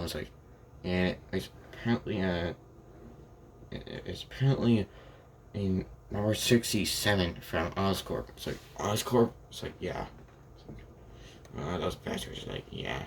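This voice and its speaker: A young man with a low, deep voice tells a fan-made story off the cuff. He rambles, backtracks and keeps quoting the characters' lines in his own everyday voice. Faint ambient noise sits behind him. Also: animated, measured pace, gravelly, long pauses. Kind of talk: improvised fan story narration.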